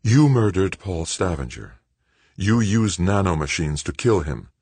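A man's voice: sits low, unhurried, husky, dry recording, exaggerated voice. A man doing a cold, vengeful woman. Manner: cold, hushed, flat.

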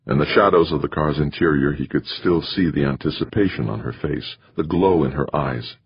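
A man reading an audiobook in measured, expressive scripted narration, on a slightly muffled recording. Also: extremely low pitch, gravelly, husky, no room sound.

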